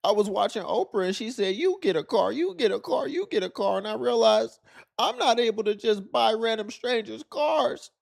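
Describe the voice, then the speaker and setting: A man putting on a high falsetto to mock a whiny, entitled woman. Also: expressive, normal speed, gravelly.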